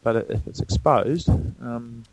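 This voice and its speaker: A man speaking as a guest in a casual conversation, halting, with many restarts and fillers. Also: mid-range voice, gravelly, darkish tone, slight background noise, poor audio.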